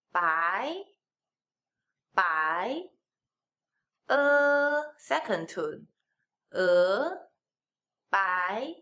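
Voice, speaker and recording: A woman teaching Mandarin pronunciation online, demonstrating tones slowly with exaggerated contours. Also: a little high, fairly bright tone. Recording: echoey room, mic at a distance.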